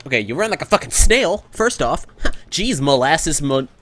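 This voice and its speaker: A man giving excitable let's play commentary, whooping, joking and swearing as he plays. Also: a little high, moderate pace. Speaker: gamer.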